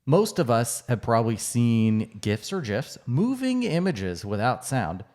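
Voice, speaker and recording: A man's voice: medium pitch, very animated, a little slow, a little mellow. A man co-hosting a podcast in a casual, conversational way, with fillers and restarts. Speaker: podcast co-host.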